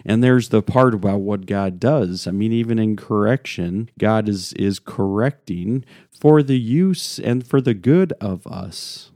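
Male Bible teacher, low warm voice, chatty, thinks aloud, dry close sound. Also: measured pace, hardly any pauses, dry recording. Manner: conversational, thinks aloud with frequent restarts. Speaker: Bible study leader. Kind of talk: casual devotional teaching with scripture reading.

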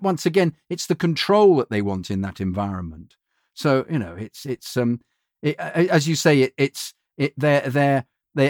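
A man, a voiceover actor, telling lively anecdotes in an interview and mimicking the people he works with. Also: medium pitch, dry recording, clean studio sound. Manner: animated storyteller mimicking clients.

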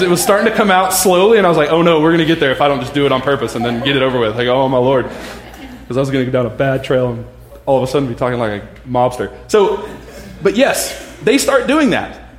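A man giving a casual, conversational sermon, acting out the voices of the people in his story. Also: mid-range voice. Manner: animated, acts out voices of others. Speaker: pastor. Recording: echoey room.

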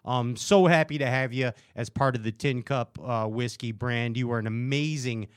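A man hosting a casual podcast, joking and playful, with bursts of excitement. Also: mid-range voice, normal speed, clear, resonant tone, dry recording, clean studio sound. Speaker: podcast host.

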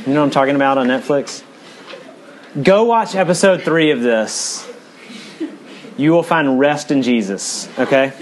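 A man preaches earnestly from a church pulpit, alternating rapid, forceful passages with soft, low-voiced ones. A slight hiss or hum runs under the recording.

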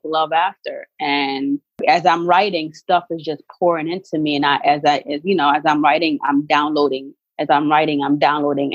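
Earnest woman, low voice, dry sound. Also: no room sound, lo-fi sound. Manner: earnest, emphatic, faith-filled storytelling. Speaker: guest, author and actress. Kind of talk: candid interview talk.

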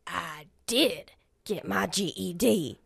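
A woman's voice: on the low side, slow, fairly bright tone, dry recording, exaggerated voice. A woman with a Southern US accent playing an old, toothless, chain-smoking diner waitress who is blunt and sarcastic. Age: older. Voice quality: raspy, gravelly. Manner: blunt and sarcastic, sometimes muttering under her breath.

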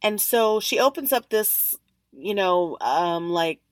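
A woman hosting a podcast, telling a story in an animated way and acting out the other people's lines. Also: mid-range voice, slow pace, no echo. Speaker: podcast host. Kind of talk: storytelling monologue.

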